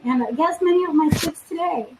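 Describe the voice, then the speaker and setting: A woman's voice: high-pitched, brisk, background noise. A woman from Venezuela talking openly and emotionally on a live stream, tearful at times. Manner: emotional, open and heartfelt, with warm laughter. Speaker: fitness vlogger. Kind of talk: live-streamed personal talk.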